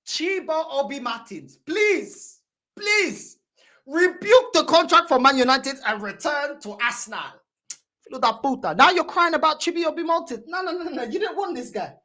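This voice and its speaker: High, lively woman ranting. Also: moderate pace. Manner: mocking, heated, repetitive. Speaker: fan channel host. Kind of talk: ranting reaction commentary.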